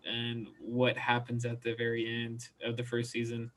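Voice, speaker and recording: A man's voice: mid-range voice, monotone, moderate pace, a bit bright. A man on a video call, a guest on a podcast, chatting casually and explaining things with lots of fillers while joking around. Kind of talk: casual chat.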